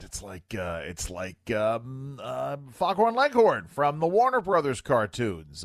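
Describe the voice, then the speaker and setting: A man hosting talk radio, his pitch swinging widely as he riffs on clips with a wry edge. The studio sound is dry and close. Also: moderate pace, few pauses, no echo. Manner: wry, animated, filler-heavy. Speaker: radio talk show host. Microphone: studio microphone.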